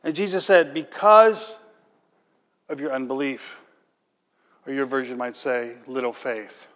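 A man's voice: medium pitch, a little slow, fairly bright tone, in a large hall. A man preaching a sermon as pastor, talking conversationally with rhetorical questions and building to emphatic peaks.

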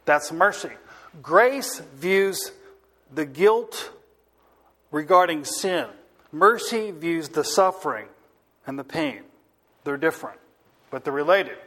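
A male pastor preaching a sermon, stressing key words slowly and often checking whether the audience is listening. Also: on the high side, lively intonation, a bit bright. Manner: asks the audience if they are listening.

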